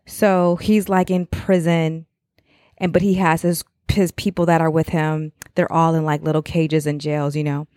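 Middle-aged mom talking to other moms, rambly, keeps asking "right?", low voice, dry sound no room echo. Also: female voice, little pitch movement, moderate pace, dark tone, clean tone. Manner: rambling and conversational, checks in with "right?". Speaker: mother speaking to other mothers. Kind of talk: casual motivational talk.

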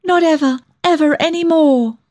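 A woman's voice: on the high side, unhurried, darkish tone, pitched above the performer's own voice. A woman reading an audiobook, voicing a remorseful young woman who pleads as if near sobbing. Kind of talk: audiobook dialogue.

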